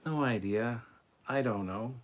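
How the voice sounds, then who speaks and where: A man's voice: medium pitch, measured pace. A man hosting a casual livestream, reading out viewer comments and answering in a laid-back, blunt way with casual swearing. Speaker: host reading viewer chat.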